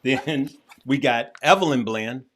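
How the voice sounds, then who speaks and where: A man's voice: mid-range voice, measured pace, a bit bright. Emphatic, heartfelt man hosting a livestream. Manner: emphatic and repetitive, with frequent restarts; heartfelt, preacher-like encouragement. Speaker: host. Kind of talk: casual livestream chat.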